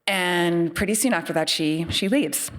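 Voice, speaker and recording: A woman's voice: on the low side, unhurried. A middle-aged woman, a psychiatrist, telling a personal story live on stage in a candid, self-deprecating, conversational way. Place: theater stage before a live audience.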